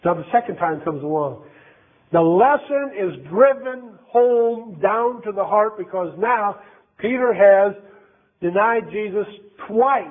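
A man's voice: high voice, expressive, slow. A man preaching a sermon in a conversational, emphatic way, repeating phrases for effect. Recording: tinny phone-like sound.

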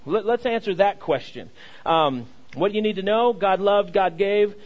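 A man's voice: high voice, a little slow, low-quality recording. A young adult male pastor giving a sermon, repeating key phrases and leading the congregation in call and response, with frequent stammers and restarts.

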